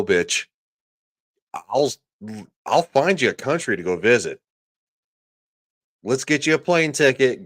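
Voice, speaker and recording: A man's voice: medium pitch, fairly bright tone, dry recording, studio quality. A man hosting a livestream, ranting sarcastically and crudely, often reading out viewers' chat comments. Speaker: livestream host.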